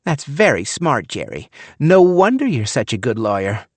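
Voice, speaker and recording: A chatty, agreeable sister speaks up in a higher, chirpy tone, as a male narrator puts her on. It's a dry, close audiobook recording. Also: sing-song, normal speed, no room sound.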